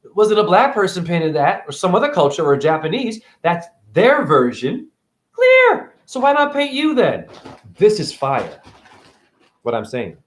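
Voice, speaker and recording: A man speaks to camera in a voice that sits a little high for his sex. He rambles from point to point, preaching and swearing freely as he goes. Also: big pitch swings, normal speed. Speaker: spiritual video blogger.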